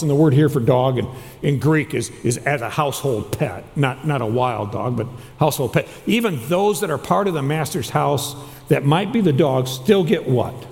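A man's voice: medium pitch, lively intonation, moderate pace, gravelly, darkish tone. A man who is a chaplain preaching a sermon, asking the congregation question after question and answering them himself. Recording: long hall reverb.

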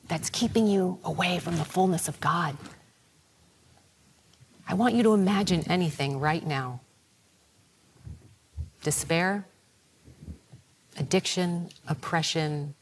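Slow, gravelly woman preacher. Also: fairly low pitch, slight background noise. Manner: slow, reflective, prayerful preaching that sinks toward a whisper. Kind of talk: sermon.

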